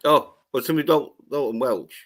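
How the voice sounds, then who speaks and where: A man's voice: mid-range voice, a little fast, fairly bright tone. A man with a Scottish accent, a panel guest in casual chat, rambling and swearing freely as he talks.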